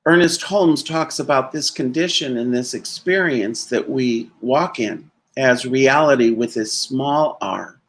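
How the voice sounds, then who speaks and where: A man's voice: medium pitch, unhurried, few pauses. A man giving a sermon as a minister, telling a story conversationally and laughing now and then.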